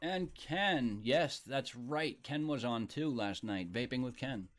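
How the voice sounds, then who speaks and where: A man hosting a casual live stream, chatting loosely and reading viewer comments out loud. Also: medium pitch, animated, slow. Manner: laid-back, reads viewer comments aloud.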